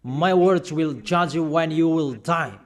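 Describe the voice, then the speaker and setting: Man, high-pitched, emphatic repetitive sermon. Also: measured pace. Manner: emphatic, repetitive preaching, reads out verses. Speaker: preacher.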